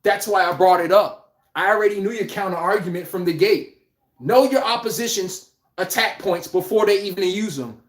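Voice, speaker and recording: A man's voice: high-pitched, moderate pace, roomy sound. A man hosting a casual live-stream sports podcast, talking bluntly and animatedly, swearing and laughing as he rants. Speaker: podcast host.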